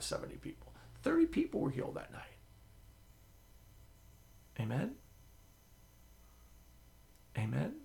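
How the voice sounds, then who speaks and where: A man preaching a sermon as the pastor, telling stories with sudden drops to a whisper and swells of loudness. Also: on the high side, creaky. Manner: animated storytelling, drops to a whisper and swells loud.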